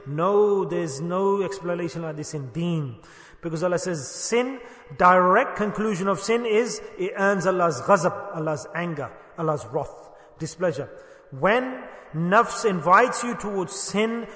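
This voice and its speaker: Male preacher, high bright voice, storytelling sermon that swells to emphatic cries, long hall reverb. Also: normal speed. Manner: storytelling, rising to emphatic exclamations. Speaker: Islamic preacher.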